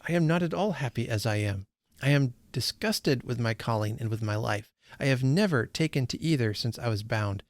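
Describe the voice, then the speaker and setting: A man's voice: mid-range voice, animated, moderate pace, no room sound, clean studio sound, natural voice. A man reading aloud the lines of a discontented young man, impatient and earnest.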